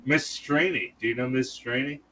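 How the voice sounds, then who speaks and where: A man's voice: mid-range voice, normal speed, bright, forceful tone. A man co-hosting a podcast who breaks in with rowdy, teasing remarks. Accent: Western Pennsylvania. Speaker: podcast co-host. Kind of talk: casual chat. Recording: slightly distant mic with faint noise.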